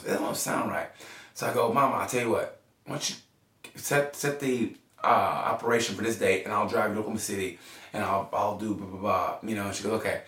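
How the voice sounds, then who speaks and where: A man's voice: on the low side, distant mic. A man telling stories in casual chat, swearing freely and acting out quoted voices. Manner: animated storyteller, swears, acts out quoted voices. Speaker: podcast guest. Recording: echoey room, off-mic.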